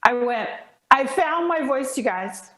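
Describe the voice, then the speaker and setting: A woman guest telling a lively, dramatic story in a podcast conversation, acting out the people in it. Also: sits high, a little slow, echoey room. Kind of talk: animated storytelling in a podcast chat.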